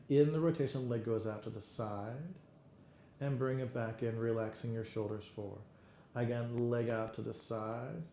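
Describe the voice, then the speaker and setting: A man leading an exercise class, counting reps and giving steady encouragement and cues. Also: medium pitch. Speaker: fitness instructor. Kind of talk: guided exercise class cueing. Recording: roomy echo, faint room noise.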